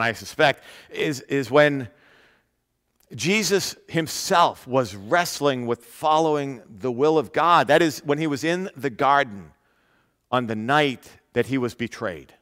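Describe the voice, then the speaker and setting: An earnest male pastor delivers a sermon at a medium pitch, repeating key phrases and drawing out important words. His voice carries a long reverb, as if heard in a large hall. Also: expressive, moderate pace, fairly bright tone.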